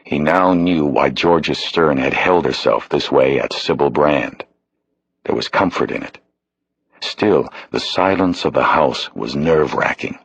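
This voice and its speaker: A male audiobook narrator reading in a measured, steady manner. His voice is very low and slightly husky. The recording is close and dry. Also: no echo, low-quality recording. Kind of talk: scripted narration.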